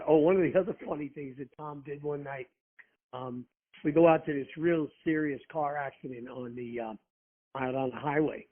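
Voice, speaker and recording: A man who was a rescue firefighter, telling profane anecdotes in casual chat and acting out the quotes. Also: mid-range voice. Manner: profane, animated storyteller who acts out quotes. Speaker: guest, former rescue firefighter. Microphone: phone. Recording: tinny phone line.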